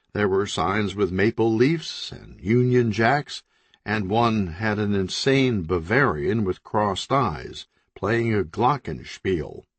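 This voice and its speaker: A man with a low voice narrating an audiobook. His delivery is steady and deadpan. The recording is dry and close, with no room sound. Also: no echo. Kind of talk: scripted narration.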